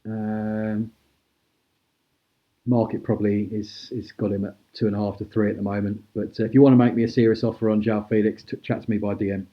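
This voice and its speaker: A man hosting a live-stream auction, chatty and brisk as he calls out prices and thanks bidders. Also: fairly low pitch, flat delivery, muffled recording. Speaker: host auctioning cards.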